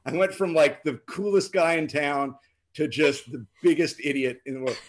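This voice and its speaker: This drummer and co-host has a husky, slightly breathy voice on the high side, speaking at normal speed. He relaxes into a chatty story from his gigging days, putting on animated voices for the people in it.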